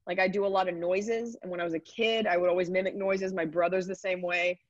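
A chatty, upbeat woman comedian in her thirties answers interview questions in a lowish voice. Her video call audio is dull and dry. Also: flat delivery, no room sound. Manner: chatty, upbeat, rapid asides. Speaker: comedian guest. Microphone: computer mic on a video call.

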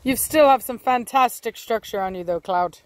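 A woman's voice: a little high, normal speed, poor audio. A woman with a Texan accent chatting casually outdoors in a vlog, talking to her dogs. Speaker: dog breeder vlogger. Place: outdoors in a windy yard. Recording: faint wind noise outdoors.

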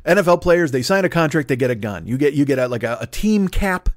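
A man's voice: on the high side, lively intonation, fast, no room sound, clean studio sound. A man in his forties hosting a comedy podcast, riffing in a rambling, profane monologue that loops back on its own bits. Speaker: podcast host.

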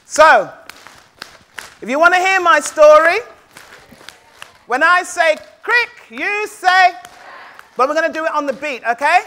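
Woman storyteller, playful and rhythmic, high bright voice, slow. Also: lively intonation. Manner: playful, rhythmic, call-and-response. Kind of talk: live storytelling to an audience.

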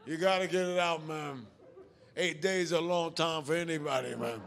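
A man voicing a calm, reassuring sixty-year-old male nurse who keeps saying "man" and "okay", on a live comedy stage. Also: on the high side, normal speed, vocal fry, voice pushed down. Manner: soothing, repeats "man" and "okay". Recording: live stage mic, loud audience laughter.

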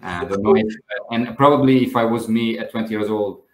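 A man's voice: fairly low pitch, fairly quick, echoey room. A man being interviewed as a podcast guest, speaking thoughtfully and hesitantly with frequent fillers and restarts. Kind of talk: reflective conversational interview.

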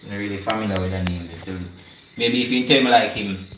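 A man's voice: fairly low pitch, fast talker, a bit bright. A man with a Jamaican accent joking around in casual patois chatter. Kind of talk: casual chat. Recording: echoey noisy room.

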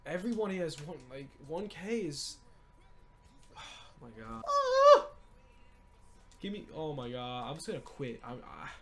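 A man's voice: fairly high pitch, measured pace. Young guy pleading over pack openings. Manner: swings from pleading mutters to screaming excitement. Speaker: gaming YouTuber. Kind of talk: excited pack-opening commentary.

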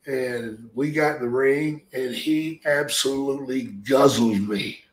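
An older man, a retired wrestler guesting on an interview, telling blunt stories packed with swearing. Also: medium pitch. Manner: blunt, heavy swearing, drawn-out storytelling. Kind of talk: profane storytelling. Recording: roomy echo.

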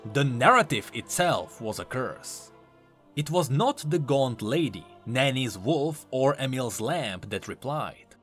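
A man narrating a dark story in a scripted, dramatic storytelling style. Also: fairly high pitch. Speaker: lore narrator.

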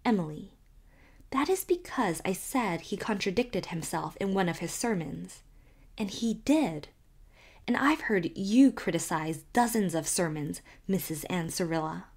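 A woman's voice: fairly low pitch, animated, unhurried, a little mellow, breathy edge, exaggerated voice. A woman voicing an outspoken teenage girl who retorts wrathfully. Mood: indignant.

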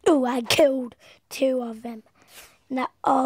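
Gravelly, slow-talking gaming host woman. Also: high voice. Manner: drops to a whisper often, with sudden loud excited outbursts. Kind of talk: gameplay commentary.

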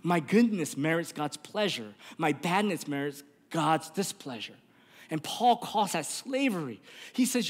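A man preaching a sermon as pastor in a church, earnest and rising to impassioned appeals. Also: high-pitched. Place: church sanctuary. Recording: reverberant church hall.

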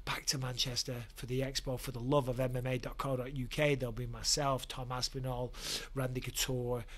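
A man's voice: medium pitch, little pitch movement, brisk. A man in his forties, hosting a casual vlog rant, blunt and profane, heated about the topic. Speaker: YouTube host, former fighter.

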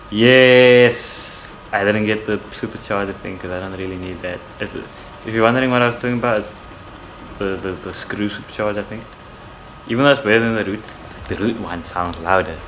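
A man's voice: fairly low pitch, fairly bright tone, a little hiss or hum, rough recording. A young man giving casual, rambling commentary while playing a racing game, often swearing and restarting his sentences. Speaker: gamer.

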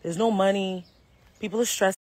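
A woman's voice: medium pitch, fairly even intonation, moderate pace, darkish tone. An American woman hosting a live stream, ranting bluntly to her viewers, swearing freely and calling them bro. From United States. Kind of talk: casual live-stream rant.

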